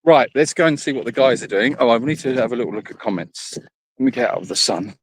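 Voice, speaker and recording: A man's voice: mid-range voice, lively intonation, fast, rough recording. A man hosting a casual live stream from an animal sanctuary, chatting and rambling as he greets viewers by name while walking around outdoors on his phone. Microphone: phone held in hand.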